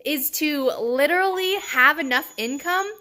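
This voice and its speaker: Bright, chatty young woman vlogging. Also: sits high, a little slow. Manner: chatty and excitable, with frequent laughs and fillers. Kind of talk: casual vlog chat.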